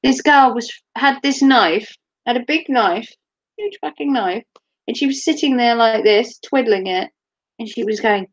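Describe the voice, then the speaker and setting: A woman's voice: fairly high pitch, unhurried, muffled recording. A woman chatting casually on her live stream, giggling often and swearing freely. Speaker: livestreamer.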